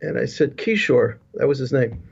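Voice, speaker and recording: A business leadership consultant tells his life story as a guest on a video-call interview, speaking at normal speed in an expressive, medium-pitched voice that is gravelly, slightly mellow and breathy-edged. He rambles with frequent restarts and asides. The call audio sounds dull and lo-fi.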